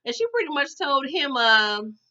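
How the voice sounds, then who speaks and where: A woman giving a chatty, animated recap of a TV episode, often calling her viewers y'all. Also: high-pitched, moderate pace, muffled recording. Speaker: TV recap vlogger.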